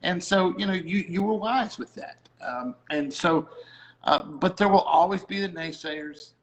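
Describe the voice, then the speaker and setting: A man's voice: high-pitched, unhurried, rough recording. A middle-aged man, a music producer, chatting about faith and music and acting out the people he quotes as he tells a story. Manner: storytelling, acts out quoted voices. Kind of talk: casual faith talk.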